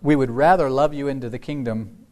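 Brief: male pastor, relaxed storytelling sermon, middle pitch, frequent restarts. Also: fairly quick. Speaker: Lutheran pastor.

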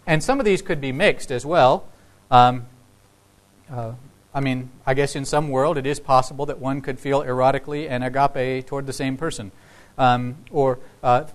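Brief: male pastor with a slightly higher voice, chatty sermon delivery, puts on the voices in the story. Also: rough recording. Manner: conversational, acts out quoted dialogue.

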